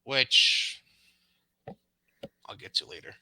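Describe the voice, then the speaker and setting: A man's voice: slow pace, sharp tone, no echo, rough recording. A man co-hosting a podcast, casually recapping wrestling shows with sarcastic, dismissive asides and frequent ums. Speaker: podcast co-host.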